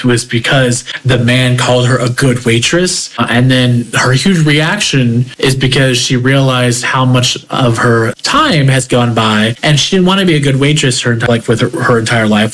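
A man's voice: mid-range voice, fairly bright tone, rough recording. Earnest man reflecting on a podcast. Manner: earnest, self-reflective, talks through feelings. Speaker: podcast host reacting to a TV episode. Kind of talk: casual reflective commentary.

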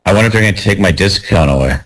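Very deep-voiced man with teasing asides. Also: lively intonation, very fast, fairly bright tone. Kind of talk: casual chat.

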